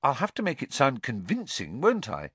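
A man's voice: mid-range voice, huge pitch swings, normal speed, slightly rough, no room sound, voice pushed up. A man reading aloud and voicing a bitter, defiant teenage boy who speaks coldly. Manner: cold, clipped, sullen.

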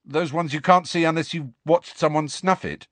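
A man's voice: fairly high pitch, fairly even intonation, moderate pace, fairly bright tone, dry recording, voice pushed up. A man voicing a blunt, hot-headed teenage boy in an audiobook reading. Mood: exasperated. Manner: exasperated, blunt.

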